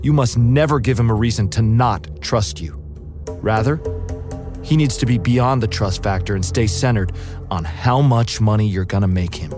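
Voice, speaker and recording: A man's voice: on the low side, moderate pace, lightly acted. A man playing a hardened ex-agent over music. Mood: knowing. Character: hardened male ex-agent telling his own story. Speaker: narrator of a true-crime audio drama. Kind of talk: scripted first-person narration. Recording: narration over loud music.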